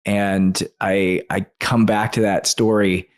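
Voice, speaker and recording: A man's voice: on the low side, little pitch movement, slow pace. A man, a guest author on a podcast interview, telling a personal story in an earnest and emotional way.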